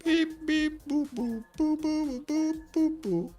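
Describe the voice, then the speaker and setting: Beeping robot countdown, high and chirpy, put on by a male commentator. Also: slow pace, dark tone, soft background music. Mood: playful.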